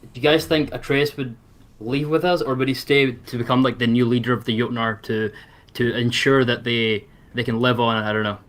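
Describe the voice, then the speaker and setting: A man's voice: medium pitch, fairly even intonation, moderate pace, a bit bright. Scottish male guest, middle voice, hesitant casual podcast talk. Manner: hesitant, thinking aloud with fillers. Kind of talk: casual gaming chat.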